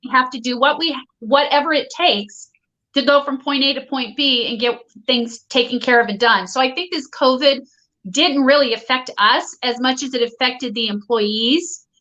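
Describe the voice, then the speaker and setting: A woman's voice: high-pitched, moderate pace, pushed and bright. A woman entrepreneur co-hosting a casual business podcast over an online connection, chatty and agreeable. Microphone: remote connection, delayed line. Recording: dull lo-fi online call audio.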